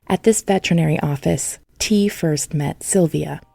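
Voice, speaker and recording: Female podcast narrator, low and mellow, dry and measured. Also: vocal fry, no room sound. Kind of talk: scripted narration.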